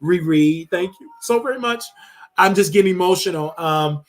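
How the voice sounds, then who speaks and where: Man in his thirties, show host, tearful, halting, lots of ums and restarts, emotional monologue. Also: high-pitched, slight background noise. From Chicago, USA.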